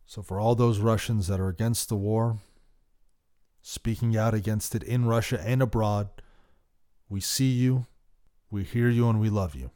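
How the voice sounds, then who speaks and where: A man hosting a podcast, giving passionate political commentary that swings from loud outbursts to quiet worry. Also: lowish voice, fairly even intonation, unhurried, long pauses, clear, resonant tone. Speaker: podcast host.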